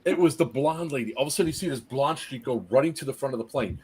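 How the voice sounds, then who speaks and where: A man's voice: medium pitch, fast talker, a little mellow, breathy edge. A man telling a story in casual chat, acting out the quotes and laughing often. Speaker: podcast host telling a story.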